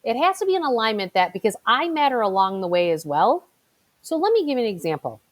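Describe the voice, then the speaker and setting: A woman's voice: a little high, very animated, fast. A middle-aged woman, a financial advisor giving a motivational talk in a chatty storytelling way, full of fillers. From Chicago.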